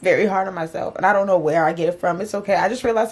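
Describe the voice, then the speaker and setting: A woman's voice: fairly low pitch, rapid-fire. Woman host venting to camera, casual slang, raw and personal. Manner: slangy, emotional, talks herself through doubts. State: tearful, voice breaking. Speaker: vlogger and podcast host. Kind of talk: candid confessional vlog.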